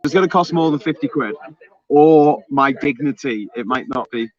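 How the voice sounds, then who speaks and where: A man's voice: mid-range voice, moderate pace. Chatty Scouse man on a lo-fi stream. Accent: Liverpool (Scouse). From Liverpool, England. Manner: chatty, reads viewer comments aloud, jokey and excitable. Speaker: livestream host. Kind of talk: casual live-stream chat.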